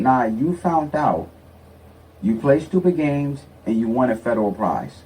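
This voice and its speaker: A man's voice: medium pitch, animated, a little slow, dark tone. A man giving blunt, sarcastic opinion commentary, stressing his points emphatically. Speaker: political commentator. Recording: distant mic with faint noise.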